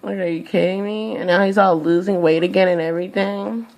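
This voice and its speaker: A woman's voice: medium pitch, fairly even intonation, brisk, a little mellow, dull audio. A tired young woman venting in a profane, exasperated rant to camera. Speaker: vlogger.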